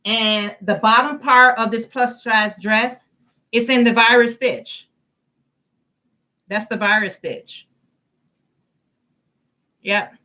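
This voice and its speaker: A woman hosts a casual crochet livestream. Her voice is bright and clear. She chats easily, greets viewers by name and reads their comments aloud. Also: a little high, steady tone, takes it slowly, pauses often.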